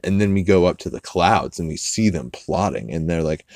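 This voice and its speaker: A man's voice: low voice, fast talker, gravelly, hardly any pauses, a little mellow, no echo, clean studio sound. A man hosting a podcast, casually recapping an episode with lots of fillers and swearing. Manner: rambling, swears a lot, many fillers. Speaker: podcast host.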